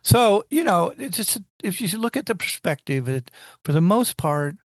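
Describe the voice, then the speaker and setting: A man's voice: high voice, big pitch swings, moderate pace, no echo, studio quality. A man in casual technical conversation, rambling and restarting his sentences as he explains engineering ideas.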